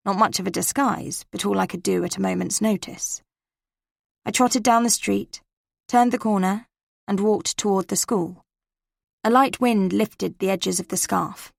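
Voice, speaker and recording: Gravelly woman reading a cozy mystery. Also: medium pitch, no echo, studio quality. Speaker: audiobook narrator. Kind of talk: scripted first-person narration.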